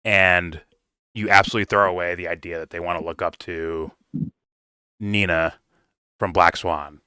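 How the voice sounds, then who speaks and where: A man's voice: deep voice, steady tone, normal speed, bright, forceful tone, smooth, dry recording. A man giving a casual review, talking bluntly and swearing freely. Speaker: film reviewer. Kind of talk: casual commentary rant.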